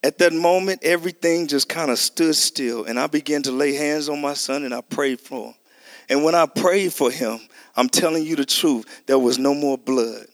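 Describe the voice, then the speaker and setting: In a studio-quality recording without echo, a middle-aged man gives a testimony sermon at normal speed in a slightly high voice. He acts out dialogue as he tells the story with animation, chatting with listeners and calling them y'all.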